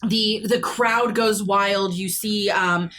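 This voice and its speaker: A woman narrating a tabletop role-playing game as game master, with lively delivery and frequent ums. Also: medium pitch, slow pace. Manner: animated, hesitant fillers.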